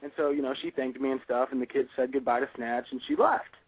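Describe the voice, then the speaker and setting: A young man calling in and telling a story in a casual, rambling way, offhand and matter-of-fact even about grim details. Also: mid-range voice, fast talker, breathy edge, dry recording. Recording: tinny dry phone line.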